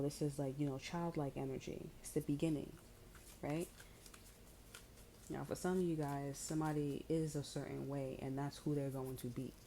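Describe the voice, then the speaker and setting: Low-voiced woman, warm and dark in tone, doing an offhand tarot reading; blunt, profane, rambling. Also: a little hiss or hum, low-quality recording. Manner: blunt, profane, chatty with many fillers. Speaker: tarot reader.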